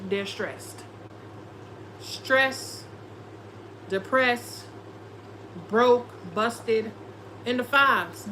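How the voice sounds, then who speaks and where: A woman's voice: on the high side, a bit bright, a little hiss or hum, rough recording. A woman doing a casual tarot reading, sassy and profane, often slipping into quoted voices. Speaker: tarot reader.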